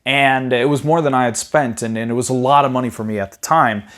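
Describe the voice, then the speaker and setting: A man, a property investing educator, telling his personal story in a conversational way, full of "you know" and quick restarts, livening up when he retells conversations. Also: medium pitch, steady tone, fairly bright tone.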